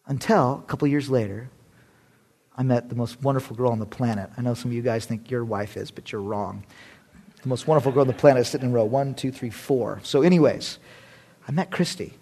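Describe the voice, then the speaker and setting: A male pastor with a medium-pitched voice speaks a little fast. He preaches a storytelling sermon in an animated, conversational style, sprinkled with self-deprecating humor.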